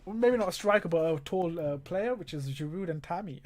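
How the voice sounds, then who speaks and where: An exasperated livestream host talking through a football match in casual live commentary. The delivery is sarcastic and frustrated, often breaking into laughter, with frequent pauses to read out viewer comments. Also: medium pitch, animated, a little mellow. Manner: reads viewer comments aloud.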